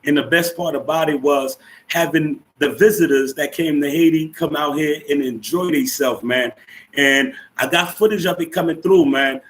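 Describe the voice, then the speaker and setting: A man hosting a casual live stream, upbeat and chatty as he greets and shouts out his viewers. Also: on the high side, moderate pace, a little hiss or hum.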